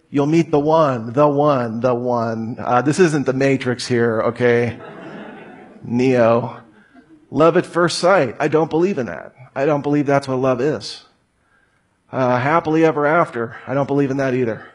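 Man, husky voice, humorous lecture, rhetorical questions, jokey asides. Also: mid-range voice, unhurried. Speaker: speaker giving a talk.

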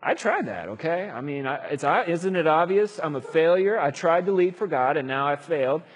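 A man's voice: fairly high pitch, expressive, moderate pace, husky. A man voicing Moses as an anxious, self-doubting eighty-year-old who stammers and pleads. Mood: flustered. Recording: long hall reverb.

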